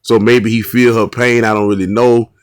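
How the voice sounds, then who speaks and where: A man's voice: medium pitch, level tone, moderate pace, smooth, dry recording, clean studio sound. A male host giving casual commentary on bodycam footage, earnest and repetitive, often restarting his sentences.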